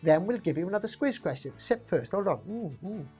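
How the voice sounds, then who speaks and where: A woman's voice: lowish voice, animated, fairly quick, dark tone, slightly rough, faint music behind. A woman hosting a live online pub quiz, chatty and rambling, reading out questions and options and laughing often at herself. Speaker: quiz host.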